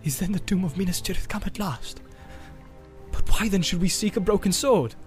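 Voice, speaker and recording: Reading a story aloud, a man voices a proud, doubtful human warrior with emphatic delivery. The voice is high-pitched, pitched above his own yet close to everyday speech, a little mellow and at normal speed, with soft background music.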